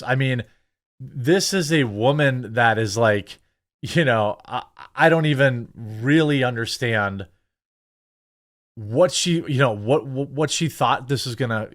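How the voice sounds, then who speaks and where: A man talks through casual political commentary in a blunt, sarcastic way. He rambles, breaks off and restarts often, and fills gaps with lots of "you know" and "I mean". His voice sits in an ordinary middle pitch. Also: a bit bright.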